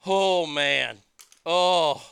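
A man's voice: a little high, drawn-out words, creaky, fairly bright tone, clear, resonant tone, no room sound. A man telling a story as a profane rant, stammering and repeating his words as he swears.

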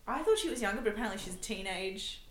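A woman's voice: medium pitch, expressive, rapid-fire. A woman co-hosting a podcast, chatting casually about a film with lots of fillers and laughter. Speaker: podcast co-host. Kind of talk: casual film review chat. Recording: roomy echo.

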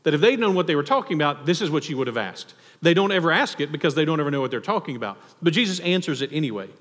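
A male pastor with a slightly raised voice preaches in a church. He talks in a lively, conversational way and acts out the people he quotes. His voice rings with a long hall reverb. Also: a little high, racing. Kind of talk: sermon.

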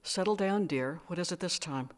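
A woman's voice: fairly low pitch, normal speed, natural voice. A woman voicing a weary caretaker who speaks in a condescending, soothing way.

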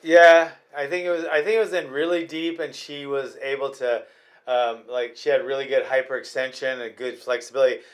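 A man's voice: medium pitch, flat delivery, a little fast. A man chatting casually about fights as a podcast host, rambling and restarting his sentences often.

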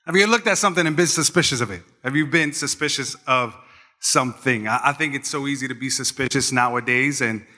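A man, a pastor, giving a conversational sermon full of stories, acting out the people in them as he goes. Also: medium pitch. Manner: animated storyteller, acts out quoted voices. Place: church. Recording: long church hall reverb.

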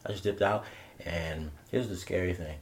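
Man, low-pitched, from Maryland, podcast guest, casual, restarts a lot. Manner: halting, frequent restarts and self-corrections. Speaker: podcast guest, BMX rider. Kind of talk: casual storytelling interview.

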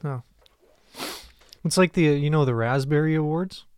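A man co-hosting a comedy podcast, animated and quick to laugh in casual chat. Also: on the high side, clear, resonant tone, dry recording, clean studio sound. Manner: animated, laughs often, excitable. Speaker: podcast co-host.

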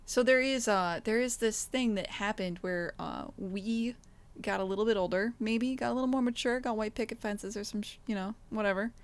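A woman's voice: mid-range voice, moderate pace. A woman co-hosting a podcast in casual chat, rambling and joking with lots of fillers. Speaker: podcast co-host, game developer.

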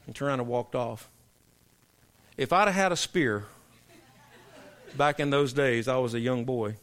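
A man preaching a sermon, telling joke stories in a folksy way, then building into loud emphatic preaching. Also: medium pitch, normal speed, long pauses. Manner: folksy storyteller, swings from soft asides to loud emphatic preaching.

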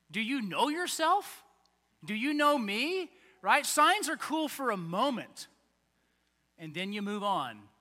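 A man preaching a conversational, animated sermon as pastor, acting out little voices along the way. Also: high-pitched. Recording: long hall reverb.

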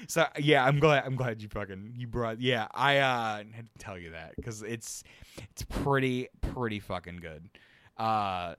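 This is a podcast co-host, a man, loosely recounting something from work in a profane, meandering way and frequently laughing through it. He speaks unhurriedly at a medium pitch, and his tone is fairly bright, clear and resonant.

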